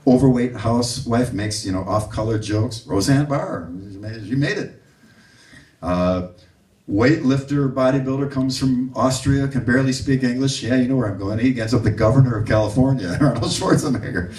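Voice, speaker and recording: A man giving a music clinic to a live audience, an animated storyteller who acts out the people he quotes. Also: mid-range voice, normal speed. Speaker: bass clinician. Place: room with an audience. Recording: roomy audio from a distant mic.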